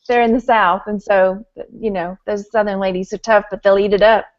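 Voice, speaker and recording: A woman's voice: mid-range voice, steady tone, normal speed. An American woman who is a guest on a casual chat, easygoing and laughing often. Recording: dull lo-fi audio.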